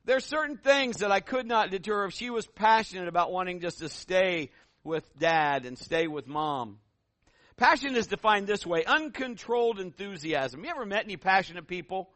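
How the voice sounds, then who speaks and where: A middle-aged man, a pastor, preaching a sermon with animated, folksy stories. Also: high voice, moderate pace, dry recording.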